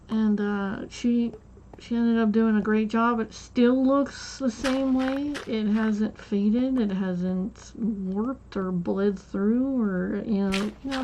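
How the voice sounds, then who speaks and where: A woman's voice: medium pitch, warm tone, highs cut off, slight background noise. A woman streamer telling a casual, rambling story while she plays, with lots of restarts and fillers.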